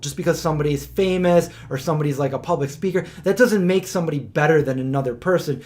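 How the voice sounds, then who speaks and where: Rambling, chatty man, slightly high voice. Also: quick pace, hardly any pauses, darkish tone. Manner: rambling storytelling, heavy on "like". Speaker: podcast host. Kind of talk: casual podcast chat.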